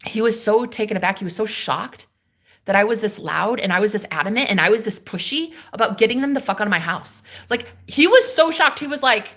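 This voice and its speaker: Animated young woman telling a wild story. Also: medium pitch, fairly quick. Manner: animated, swearing, with sudden loud outbursts and dips. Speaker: vlogger. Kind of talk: casual storytime rant.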